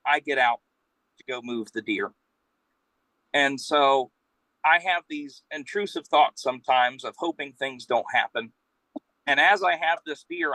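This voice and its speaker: A professional Santa serving as guest storyteller shares a casual anecdote, rambling and animated as he acts out each quote. His mid-range voice comes through poor audio with no room sound.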